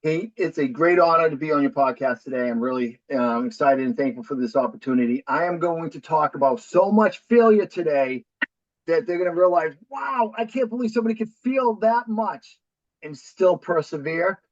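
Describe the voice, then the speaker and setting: This New Hampshire man in his forties has a thick Boston accent and a slightly high voice at a normal speed. He's an upbeat, talkative, self-deprecating podcast guest telling his story in a casual interview, recorded dry with no echo but dull audio.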